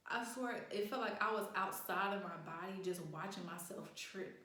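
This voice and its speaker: A woman's voice: fairly high pitch, moderate pace. Young woman vlogger, loose and profane, telling a storytime; very echoey room. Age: young adult. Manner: animated, profane, acts out quotes. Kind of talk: casual storytime chat.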